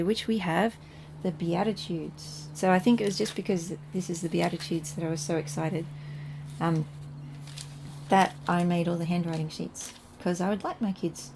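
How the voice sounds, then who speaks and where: A woman's voice: on the low side, darkish tone, slight background noise. A middle-aged woman reading Latin scripture aloud and translating it line by line in a casual home lesson, thinking aloud as she goes. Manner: thinks aloud, chuckles at own slips.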